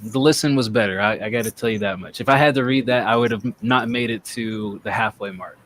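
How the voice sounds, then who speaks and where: A man's voice: on the low side, fast, fairly bright tone, a little hiss or hum. A man hosting a casual chat show, rambling and joking as he talks. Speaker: podcast host. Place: North Texas.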